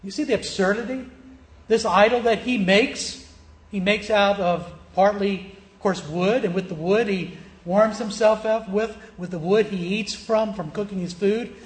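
A man's voice: high-pitched, measured pace, echoey room. A male pastor preaching a sermon and reading scripture aloud. He speaks with emphasis, stretches key words and checks in with his listeners through rhetorical questions.

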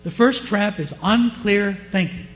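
A man with a Southern US accent preaching a sermon, often asking his listeners questions and shifting his pace and loudness. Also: high voice, a little slow, faint music behind. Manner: asks the congregation questions, varies pace and loudness. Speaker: pastor.

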